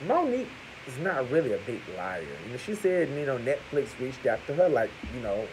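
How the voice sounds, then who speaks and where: A man giving crude, profane gossip commentary to his viewers, talking to them as "y'all" and punctuating points with loud exclamations. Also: mid-range voice, fairly quick, a little hiss or hum, rough recording. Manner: animated, crude, keeps calling out "Hello!". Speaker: vlogger.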